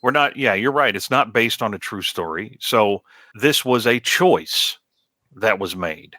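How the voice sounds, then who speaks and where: Bright-voiced man from the South. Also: fairly low pitch, expressive, dry recording. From American South. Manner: agreeable, measured, chimes in often. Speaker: podcast co-host. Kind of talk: casual film discussion.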